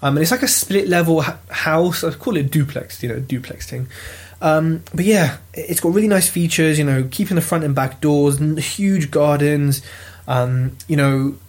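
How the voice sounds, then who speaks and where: A British man telling a property auction story in a lively, casual vlog, swearing freely as he goes. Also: on the high side, moderate pace. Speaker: property investor vlogger. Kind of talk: casual chat.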